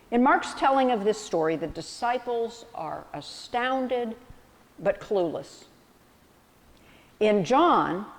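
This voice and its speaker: A woman's voice: fairly low pitch, in a large hall. A woman pastor delivering a sermon, reflective and storytelling with vivid analogies.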